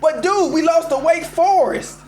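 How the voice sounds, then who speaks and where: High-pitched guy going off on a sports rant, keeps saying y'all, faint music behind. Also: unhurried. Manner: animated, emphatic, addresses listeners as y'all. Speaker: host of a live call-in show.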